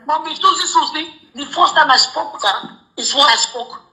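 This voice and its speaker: A woman talks in a high, piercingly bright voice. She is emphatic and insistent and keeps repeating her denials, with laughter slipping between words. She sounds like an interviewee in a heated casual chat. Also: normal speed, low-quality recording.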